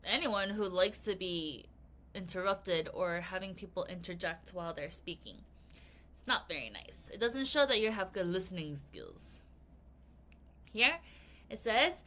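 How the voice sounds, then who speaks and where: A woman teaching an English vocabulary lesson to children, reading aloud with bouncy, expressive emphasis. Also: medium pitch, a little slow.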